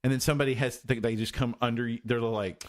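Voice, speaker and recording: A man co-hosting a casual podcast, talking at a middle pitch. He rambles along with many restarts and fillers, circling back to his point. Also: fairly even intonation, quick pace. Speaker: podcast co-host. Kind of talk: casual chat.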